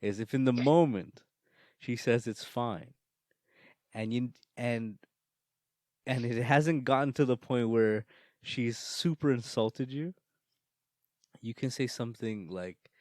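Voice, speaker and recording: A man's voice: medium pitch, a little slow, darkish tone, dry recording, clean studio sound. A man co-hosting a podcast, giving joking relationship advice to other men and laughing often. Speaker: podcast co-host. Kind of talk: casual chat.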